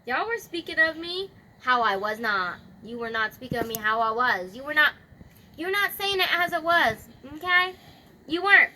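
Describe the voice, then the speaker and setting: A boastful, all-powerful God who chats in loose modern slang and lectures his listeners, as a woman puts him on. The voice sits high and bright. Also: expressive, normal speed, slight background noise, low-quality recording. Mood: scolding. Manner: chatty slangy retelling, bragging.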